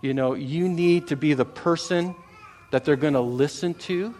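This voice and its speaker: A man's voice: fairly high pitch, normal speed, a little mellow, slight background noise. A middle-aged Canadian man preaching a sermon in a conversational way. He often repeats words and checks in with the congregation. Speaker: pastor.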